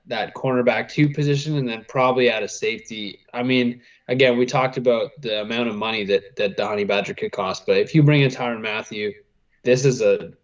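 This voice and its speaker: A man co-hosting a live football draft stream, talking in a measured, analytical way with frequent fillers. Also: medium pitch, dull audio. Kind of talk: live draft watchalong chat.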